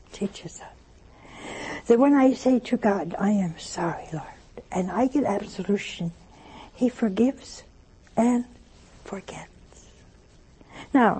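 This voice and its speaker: A woman giving a sermon, mixing slow emphatic phrasing with humorous anecdotes. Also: mid-range voice, dark tone, slightly rough. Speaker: religious speaker. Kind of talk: sermon with storytelling.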